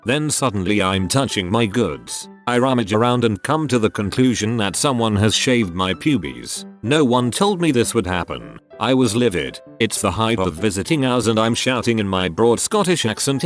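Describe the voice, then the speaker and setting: A man reading out anonymous online stories in a steady, scripted narration. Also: lowish voice, normal speed, hardly any pauses, soft background music.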